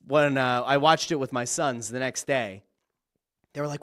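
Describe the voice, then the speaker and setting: A man hosting a solo wrestling podcast, telling the story with excitement and casual swearing. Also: medium pitch, moderate pace. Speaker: podcast host.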